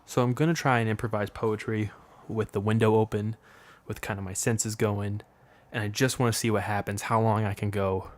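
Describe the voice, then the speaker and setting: A man's voice: on the low side, steady tone, moderate pace, few pauses. A young man hosting a solo podcast, rambling frankly and with profanity, and improvising poetry in a room with the window open. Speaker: podcast host.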